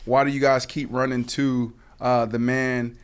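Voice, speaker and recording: Sports podcast co-host, male, emphatic, mid-pitched, pauses with fillers. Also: level tone, smooth. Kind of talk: casual sports talk.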